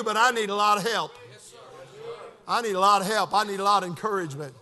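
Fervent high-voiced man preaching in hall. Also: quick pace. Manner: fervent preaching, swinging from shouts to hushed asides. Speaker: pastor. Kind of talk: sermon.

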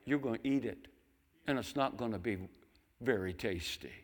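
An older man preaching a sermon, telling folksy stories and breaking into loud mimicking voices. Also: mid-range voice, normal speed. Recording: long hall reverb.

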